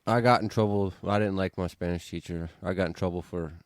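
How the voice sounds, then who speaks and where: A laid-back man on a casual podcast speaks in a very deep voice and keeps his remarks brief. The sound is dry, with no room around it. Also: fairly even intonation, a little fast, no room sound. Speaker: podcast co-host. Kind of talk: casual chat.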